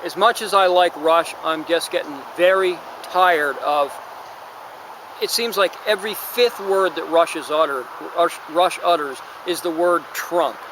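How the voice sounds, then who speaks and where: A man's voice: on the high side, unhurried, noisy background. A man hosting a podcast in a casual, rambling monologue, digressing often and sounding exasperated. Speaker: podcast host.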